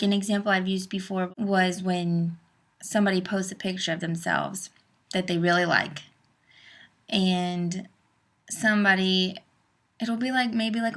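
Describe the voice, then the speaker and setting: A young woman vents her pet peeves in a casual vlog rant. She is chatty and exasperated, with a gravelly fry at the ends of her words. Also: mid-range voice. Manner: chatty, exasperated, lots of fillers. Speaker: vlogger.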